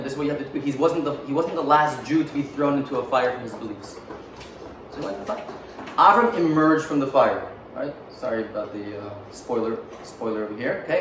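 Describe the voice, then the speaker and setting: A man's voice: mid-range voice, fairly bright tone, a little hiss or hum. Man telling a story in an echoey room. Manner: conversational, joking asides, many fillers. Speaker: teacher. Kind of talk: casual storytelling talk. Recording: roomy echo, mic far off, faint ambience.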